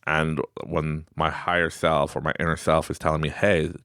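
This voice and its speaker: A man's voice: a bass voice, normal speed, clean tone, no echo, clean studio sound. A man in his late thirties hosting a motivational self-help talk, telling stories and acting out the voices he quotes. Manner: animated storytelling, acts out quoted voices. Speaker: podcast host.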